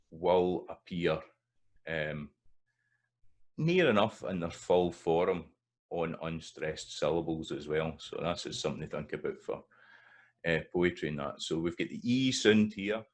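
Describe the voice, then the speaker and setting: A man with a Scottish accent explaining pronunciation in a relaxed video lesson, with frequent fillers and restarts, sometimes tapping out stress patterns in rhythmic syllables. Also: deep voice. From Scotland. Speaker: language teacher.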